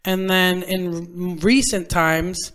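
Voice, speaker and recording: A woman co-hosting a casual podcast, answering candidly in an earnest, fairly soft way. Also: fairly low pitch, slow, clear, resonant tone. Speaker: podcast co-host. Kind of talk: casual chat.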